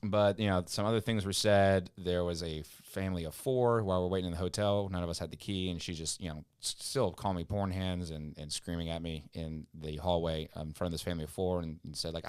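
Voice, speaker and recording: Um homem jovem, convidado de podcast, contando uma história comprida e cheia de recomeços num papo descontraído. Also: male voice, deep voice, fairly quick, few pauses, darkish tone, smooth, no echo, clean studio sound. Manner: rambling storyteller acting out quotes. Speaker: podcast guest. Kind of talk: casual podcast chat.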